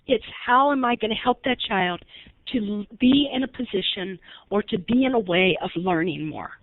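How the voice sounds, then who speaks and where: A woman's voice: medium pitch, moderate pace, no room sound. A woman leading a recorded webinar training, talking conversationally and asking her audience questions. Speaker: early intervention trainer. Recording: tinny phone-like line, dry.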